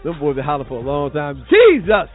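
A man with a Southern US accent hosting a Sunday morning gospel radio talk show, playful and exclaiming loudly at times. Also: medium pitch, level tone, rapid-fire, faint music behind. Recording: tinny phone-like broadcast audio.

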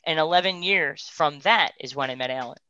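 A woman sharing a heartfelt personal testimony, moving between hushed, tearful moments and animated, laughing bursts. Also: low-pitched, fairly quick, clear, resonant tone, no echo. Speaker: guest sharing a personal story. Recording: dry, dull lo-fi sound.

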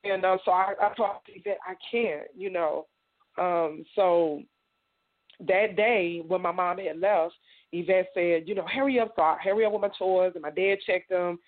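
Woman, from Indiana, halting personal testimony, many fillers, phone-line sound. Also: fairly low pitch, steady tone. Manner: halting, frequent "you know" fillers. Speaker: interview guest.

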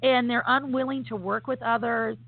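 A woman's voice: on the high side, steady tone, moderate pace, creaky, no echo. A woman co-hosting a casual podcast chat, talking with enthusiasm and emphasis, with many fillers. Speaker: podcast co-host. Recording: phone-like audio with faint noise.

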